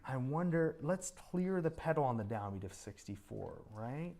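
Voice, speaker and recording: Man running a composition master class in a music school rehearsal room. His voice sits at a middle pitch. He is encouraging and sings out rhythms to show phrasing. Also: big pitch swings, moderate pace, vocal fry, darkish tone. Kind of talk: coaching a student composer at a rehearsal.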